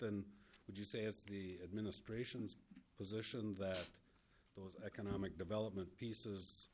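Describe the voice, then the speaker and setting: Deep-voiced halting senator. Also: male voice, background noise. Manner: halting, many filler words. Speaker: committee chair, state senator. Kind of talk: committee hearing questioning.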